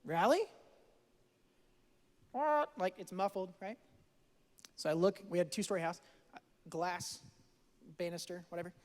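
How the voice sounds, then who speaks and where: Young man, pastor, sermon, storytelling, hushed to loud, reverberant church hall. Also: high-pitched, lively intonation, moderate pace, long pauses.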